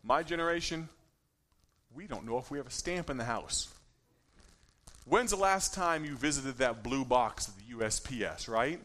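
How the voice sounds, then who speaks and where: A man's voice: mid-range voice, animated, normal speed, pauses often, fairly bright tone. A man in his thirties giving an informal talk at a ministry gathering, chatty and joking, often checking in with his listeners. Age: 30s. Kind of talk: informal talk to a live audience.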